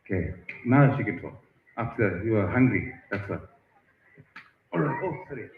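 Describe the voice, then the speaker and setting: A man hosting at a festival tent, chatting with and teasing visitors in a lively way. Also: on the low side, normal speed, vocal fry. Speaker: event host interviewing visitors. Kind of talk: roving live-stream banter. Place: busy outdoor festival tent. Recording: echoey, muffled stream audio with crowd noise.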